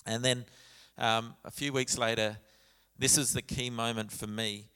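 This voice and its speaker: A man's voice: medium pitch, little pitch movement, measured pace, sharp tone, smooth. A man, a pastor telling a story in a sermon with quoted dialogue and frequent restarts. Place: church sanctuary. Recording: church hall with long reverb.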